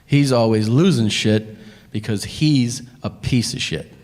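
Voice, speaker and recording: A man voicing a blunt, dismissive middle-aged father who talks in a flat, grumbling way. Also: medium pitch, measured pace, a little hiss or hum, pitched below the performer's own voice, lightly acted. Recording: live hall reverb, faint ambience.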